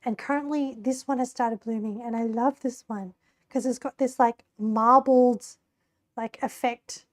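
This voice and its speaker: A young woman streaming from home, talking casually to her chat with a hoarse, squeaky voice she says she is losing, rambling and laughing often. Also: fairly even intonation, measured pace, no echo, studio quality. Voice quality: squeaky, creaky voice. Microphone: desk mic.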